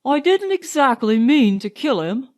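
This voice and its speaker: A woman's voice: sits high, very animated, unhurried, voice pushed up. A woman voicing a young British army officer who talks dreamily and earnestly. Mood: somber.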